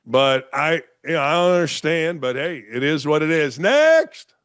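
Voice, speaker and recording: A man's voice: on the high side, moderate pace, a bit bright, clean tone, dry recording, studio quality. A man hosting a sports talk show, delivering an opinionated, sarcastic monologue full of rhetorical questions. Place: home studio in Florida.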